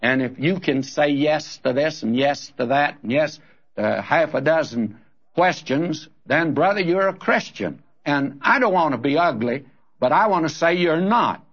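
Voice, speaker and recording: An older man preaches with earnest conviction, his voice sitting a bit high and climbing sharply when he presses a point. The recording is dull and lo-fi, like an old archival tape. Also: expressive, unhurried, fairly bright tone, husky. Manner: earnest, rising to emphatic rebukes. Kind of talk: sermon.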